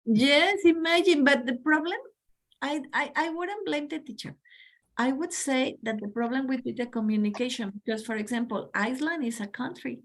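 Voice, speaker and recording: A woman's voice: high voice, moderate pace, rough recording. Enthusiastic Mexican woman teaching pronunciation. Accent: Mexican Spanish. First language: Spanish. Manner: enthusiastic, coaxing, addresses audience as guys. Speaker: pronunciation trainer. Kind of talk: online teacher workshop.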